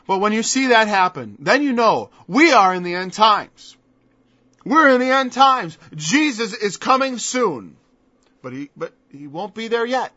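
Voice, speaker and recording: A man's voice: high voice, pushed and bright, dry recording. A man preaching a sermon in an emphatic style, firing off mocking rhetorical questions. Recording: dull lo-fi dry recording.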